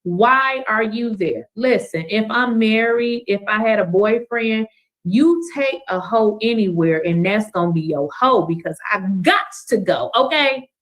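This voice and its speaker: A woman's voice: mid-range voice, animated, measured pace, low-quality recording. A woman hosting a reaction commentary, blunt and incredulous, firing rhetorical questions while facing a camera. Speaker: commentary host.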